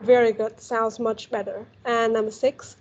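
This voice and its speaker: A woman's voice: fairly high pitch, little pitch movement, normal speed, a little mellow, muffled recording. A woman with a Vietnamese accent teaching a one-on-one English lesson, patient and encouraging, often saying "very good" and modeling pronunciation.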